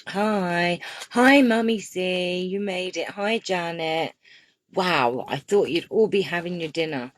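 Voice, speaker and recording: A woman's voice: on the low side, slow. A woman hosting a casual crafting live stream, chatty and gushing, greeting viewers by name as she unboxes gifts. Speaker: crafting channel host.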